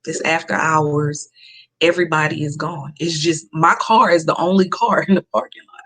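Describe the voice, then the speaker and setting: A woman's voice: deep voice, fairly even intonation, moderate pace, fairly bright tone. A woman, a podcast guest telling a personal story in an earnest, emphatic way and repeating key phrases.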